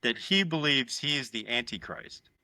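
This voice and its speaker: Bright-voiced man, dry mic, animated podcast talk. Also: medium pitch, normal speed, no room sound. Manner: animated, swears freely, retells scenes. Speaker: podcast co-host. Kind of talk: casual podcast chat.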